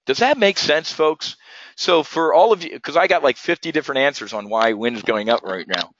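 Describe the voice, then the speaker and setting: A man teaching options trading on a live webinar, energetic and profane, firing rhetorical questions at his viewers. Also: on the high side, moderate pace, muffled recording, a little hiss or hum.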